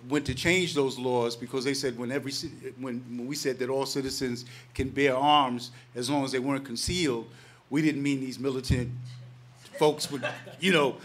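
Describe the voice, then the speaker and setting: A man in his sixties, a panelist telling a personal story to a packed live audience, animated and acting out the voices of the people in it. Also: mid-range voice. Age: 60s. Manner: animated, acts out quoted voices, laughs between lines. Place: packed public panel gathering.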